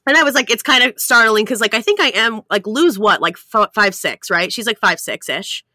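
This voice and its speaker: A woman's voice: on the high side, a little fast, no echo, clean studio sound. A young woman co-hosting a casual chat podcast, telling stories animatedly and acting out quoted lines with frequent laughter. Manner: animated storytelling, acts out quotes, laughs often. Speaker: podcast co-host.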